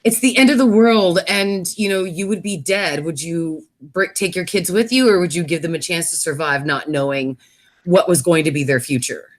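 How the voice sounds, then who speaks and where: Low-voiced woman recapping a show. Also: normal speed. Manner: recounts plot with frequent fillers and self-corrections. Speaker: host. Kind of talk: casual episode review chat.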